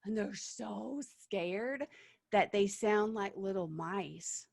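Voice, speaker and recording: A woman's voice: mid-range voice, slow, gravelly, a little mellow, no echo, clean studio sound. Chatty woman director coaching actors. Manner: chatty and encouraging, frequent fillers and laughs. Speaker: theatre director leading an audition workshop. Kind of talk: online workshop talk. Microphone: video call.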